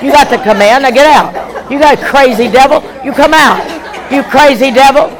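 A woman evangelist leading a deliverance prayer session in a large meeting hall, calling out forceful commands that are often shouted and leading the audience in call-and-response. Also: high-pitched, normal speed, a crowd in the background.

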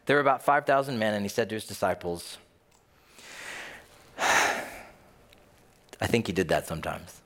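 A man preaching a sermon in a conversational, animated way, often acting out bits of dialogue. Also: medium pitch, measured pace, long pauses. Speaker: pastor. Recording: long reverb of a large hall.

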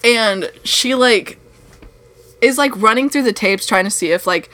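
A woman's voice: on the high side, measured pace, pushed and bright, a little hiss or hum. A young woman in her twenties co-hosting a casual podcast, telling a long rambling story full of swearing and dry sarcasm. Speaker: podcast co-host. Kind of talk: casual chat.

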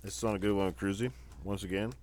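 A low-pitched man chatting loosely as a podcast host. He talks in a relaxed, profane way, laughing along with his friends. A faint hiss sits behind him. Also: rapid-fire. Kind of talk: casual drunken podcast chat. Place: shop or garage.

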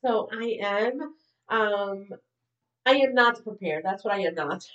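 A woman's voice: medium pitch, expressive, measured pace, fairly bright tone. Stuffed-up bubbly woman, muffled room sound. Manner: bubbly, exclaims often. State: stuffed-up nose. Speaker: podcast co-host. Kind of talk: casual chat. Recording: muffled, roomy, distant.

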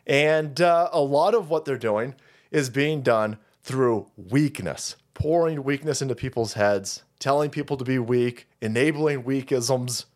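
A man's voice: medium pitch, unhurried, a little mellow. A man hosting a livestream, delivering a heated, profane and mocking political rant. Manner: foul-mouthed, mocking, heated ranting. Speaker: streamer host.

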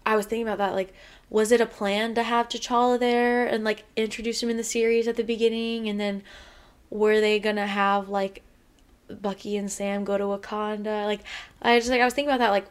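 A woman's voice: mid-range voice, flat delivery, a little fast, smooth. A young woman co-hosting a laid-back fan podcast. She rambles along with lots of "like" fillers, and her voice carries real feeling as she talks. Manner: chatty, lots of "like" fillers, emotional. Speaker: podcast co-host. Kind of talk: casual fan podcast chat.

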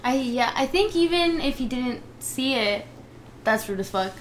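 A woman's voice: sits high, expressive, measured pace, slight background noise. Young woman chiming in on a chat. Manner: reactive listener, short interjections. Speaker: podcast co-host. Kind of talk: casual chat.

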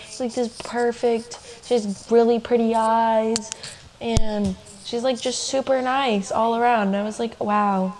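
On a roughly recorded podcast, a young female co-host recounts a personal story with plenty of "like"s and laughing asides. Her voice sits on the high side and sounds mellow.

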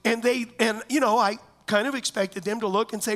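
A man's voice: high-pitched, steady tone, brisk, a bit bright. A man, a pastor, preaching a sermon in church, telling a personal story and often asking the congregation whether they know what he means.

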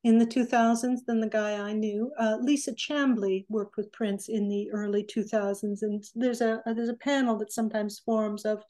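A woman in her sixties recounts studio memories in a relaxed, mellow voice. She tells her stories with animation and briefly plays out the lines of the people in them. She speaks as an interview guest. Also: fairly high pitch, moderate pace, few pauses. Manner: animated, acts out quoted remarks. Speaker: interview guest, recording engineer. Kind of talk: conversational storytelling.

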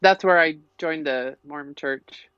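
A woman's voice: low-pitched, measured pace, smooth, no echo. A middle-aged woman with a Minnesota accent, chatting as a podcast guest in a rambling, storytelling way. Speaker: podcast guest, local piper. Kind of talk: casual interview chat. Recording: slightly muffled, dull audio.

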